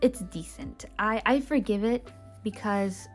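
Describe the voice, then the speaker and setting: A woman's voice: medium pitch, measured pace. A woman casually narrating a tour of her sketchbook, chatty and rambling with many fillers and restarts. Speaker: artist showing her sketchbook. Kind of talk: casual voice-over commentary. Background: faint background music.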